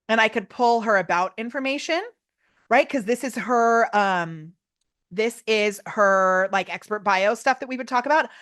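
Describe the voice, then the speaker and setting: A woman presenting a live online workshop, talking in an excited, loud way and laughing often. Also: a little high.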